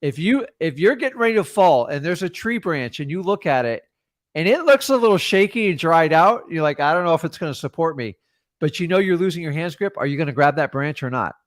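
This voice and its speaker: A man coaching a caller in a casual, blunt way, acting out phone calls with quick changes of voice. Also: on the high side, lively intonation, dry recording, studio quality. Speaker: real estate investor coaching a caller.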